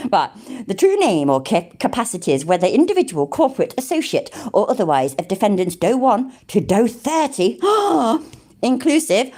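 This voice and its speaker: Sweary British woman with lively pitch. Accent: English (British). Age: middle-aged. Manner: sweary, sarcastic, laughs often, mocks what she reads. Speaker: livestream host reading a legal document to chat. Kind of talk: casual livestream chat.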